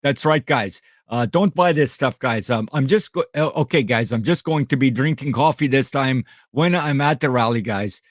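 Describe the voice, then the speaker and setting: A man imitating an energetic friend, tacking "guys" onto every phrase. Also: medium pitch, moderate pace, hardly any pauses, no room sound, studio quality, natural voice. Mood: hyped. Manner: pep-talk tone, ends each phrase with "guys". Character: energetic man friend mimicked in his accent.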